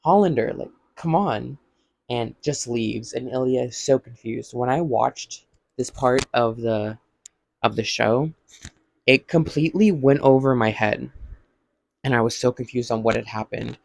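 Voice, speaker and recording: A man's voice: mid-range voice, fairly even intonation, measured pace, vocal fry, dry recording. A man casually recapping a TV episode in a vlog, rambling with lots of "like" and acting out what characters say. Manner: rambling, heavy use of "like", acts out quotes. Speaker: vlogger.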